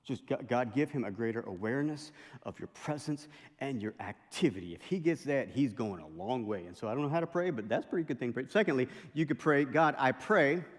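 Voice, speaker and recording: A middle-aged male pastor preaching a sermon, telling stories in a lively way with impressions and asides. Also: medium pitch, a little fast. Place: large chapel hall. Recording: long chapel reverb.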